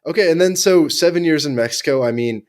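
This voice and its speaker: A man's voice: a little high, fast, darkish tone. A man hosting a podcast, talking in a casual, slangy, laid-back way. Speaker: podcast host.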